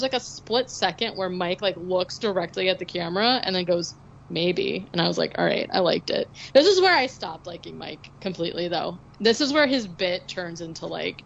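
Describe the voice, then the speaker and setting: A woman's voice: fairly low pitch, animated, brisk, creaky, few pauses, lo-fi sound, slight background noise. A woman co-hosting a podcast, recapping a film in casual, rambling chat full of likes and ums. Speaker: podcast co-host.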